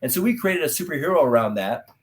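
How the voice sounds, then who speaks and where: A middle-aged man from the United States, an actor guest telling stories in an interview and acting out dialogue loudly. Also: a little high, quick pace. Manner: animated storyteller, acts out dialogue loudly. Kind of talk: storytelling interview talk.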